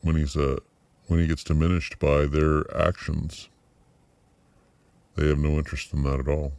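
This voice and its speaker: A middle-aged man with an extremely low, deep voice muses aloud in a personal video diary. He pauses often, circles back and restarts his sentences. The sound is dry and close, with almost no room echo. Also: level tone, gravelly, darkish tone, clean tone. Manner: reflective, halting with many fillers and restarts. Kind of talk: personal vlog monologue.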